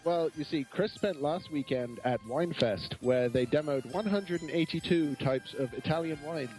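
A man's voice: fairly high pitch, normal speed, a little mellow, soft background music, rough recording. A man appearing as a podcast guest, telling stories in a wry, self-mocking way. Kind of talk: casual podcast chat.

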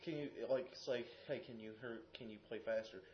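A man's voice: mid-range voice, fairly even intonation, brisk. A man on a casual podcast who works as a card game judge, telling stories and explaining the rules. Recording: dull lo-fi audio.

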